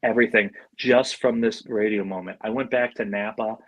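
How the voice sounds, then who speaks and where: A man's voice: on the low side, fairly quick, no echo, poor audio. A man in his forties from Buffalo, a podcast guest telling stories casually and acting out the voices of the people he quotes. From Buffalo, New York. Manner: animated, acts out quoted voices. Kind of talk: casual storytelling.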